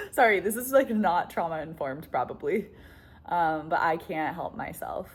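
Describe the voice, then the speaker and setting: A young woman with a deep, husky voice and lively intonation talks candidly to camera at a moderate pace as a relationship coach. Chatty and blunt, she fills her casual monologue with "like," swears, and laughs often.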